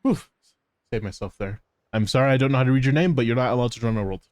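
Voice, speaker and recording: Streaming a game live, a man talks fast in a medium-pitched, darkish voice captured in a dry recording. His casual commentary to viewers is full of swearing, teasing, and frequent laughter.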